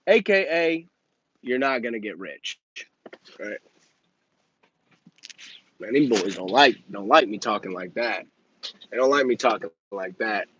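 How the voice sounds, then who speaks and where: A man who hosts a channel about his softwash business, giving casual business advice bluntly and with some swearing. He keeps checking in with "okay?" and "right?", and he acts out conversations in quick voices. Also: fairly low pitch, lively intonation, breathy edge, highs cut off.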